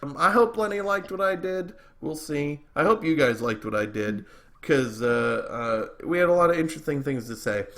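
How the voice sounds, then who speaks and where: A man's voice: a little high, expressive, normal speed, fairly bright tone. A man co-hosting a wrestling podcast, talking in a casual, opinionated, rambling way, often restarting his sentences. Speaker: podcast co-host. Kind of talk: casual wrestling commentary chat.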